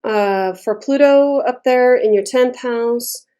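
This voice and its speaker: A woman's voice: a little high, takes it slowly, warm tone. A woman giving a casual tarot reading, talking bluntly and chattily and swearing freely. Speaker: tarot reader.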